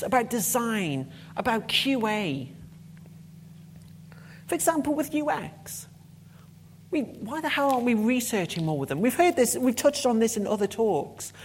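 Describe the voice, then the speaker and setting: This is a conference talk by a woman with a medium-pitched voice, heard over slight background noise. She comes across as passionate and emphatic, cursing bluntly whenever she gets annoyed.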